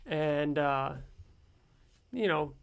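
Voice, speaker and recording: A man's voice: fairly high pitch, expressive, very slow, gravelly, smooth. A man co-hosting a podcast, casually recapping a comic issue with frequent ums and uhs. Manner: summarizes plot with many ums and uhs. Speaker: podcast co-host.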